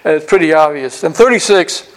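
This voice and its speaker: High-voiced man teaching scripture. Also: fairly quick. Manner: animated, acts out characters' reactions; frequent restarts and repeated words. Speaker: Bible teacher. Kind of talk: verse-by-verse Bible teaching.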